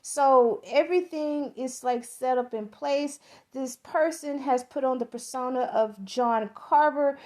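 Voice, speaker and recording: A woman's voice: high-pitched, measured pace, mellow. A middle-aged woman from the American South with a Southern accent, giving a rambling, profane, enthusiastic movie review as a podcast host.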